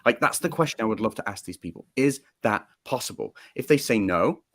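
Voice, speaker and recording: A man with a British accent guest-hosts a casual political talk show, building his points through rhetorical questions. His medium-pitched voice is expressive and fairly quick.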